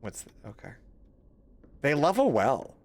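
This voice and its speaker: Young man, gaming streamer, swearing, jumpy horror commentary, lively voice. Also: mid-range voice, slow, no echo. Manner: jumpy, swearing, laughing and complaining at the game. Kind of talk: horror game let's play commentary.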